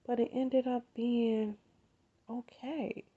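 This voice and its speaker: Low gravelly-voiced woman podcaster. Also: unhurried, narrow, tinny audio. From United States. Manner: heartfelt, conversational, addresses listeners as "you all". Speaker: podcast host. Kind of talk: personal faith talk.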